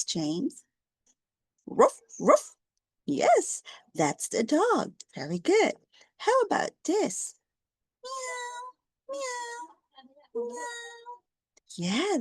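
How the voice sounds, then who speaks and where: A woman teaching an English lesson to a young learner, speaking slowly, repeating words and praising often. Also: fairly high pitch, creaky, darkish tone, slightly rough, dry recording, studio quality.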